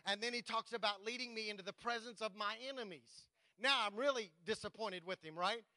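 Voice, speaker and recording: A man preaches a sermon in a high, ringing voice. He slows right down to read scripture with weight, then speaks plainly and directly to his congregation. The sound is close and dry, with no room echo. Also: bright, forceful tone. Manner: preaching, reads scripture slowly and emphatically, talks directly to the congregation. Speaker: pastor.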